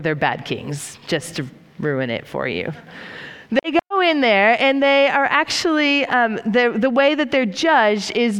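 Lady giving a slow, chatty sermon, kinda higher voice, big echoey church hall. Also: clean tone. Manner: conversational, reflective, many fillers. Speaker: preacher. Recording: reverberant hall.

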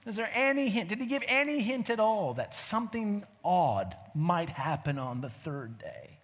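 A man's voice: high voice, very animated, a little slow, fairly bright tone, in a large hall. A man preaching a sermon in a conversational, storytelling way, full of rhetorical questions.

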